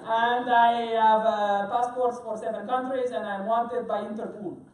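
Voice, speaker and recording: Brash French pastry chef, put on by a man, over-the-top accent, loud and showy, in an echoey hall. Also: extremely high pitch, steady tone, a little slow, distant mic, noisy background. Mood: boastful. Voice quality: exaggerated bad French accent. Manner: loud, theatrical, self-mocking.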